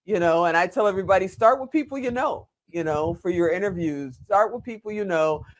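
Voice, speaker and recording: A man's voice: sits high, brisk. A man hosting a casual video interview, chatty and asking long, rambling questions. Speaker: interview host.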